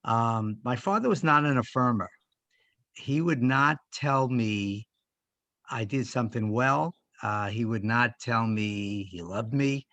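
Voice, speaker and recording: An older man reflecting in a church group discussion, speaking in a halting, heartfelt way with many pauses. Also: medium pitch, a bit bright, dry recording, muffled recording. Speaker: discussion participant.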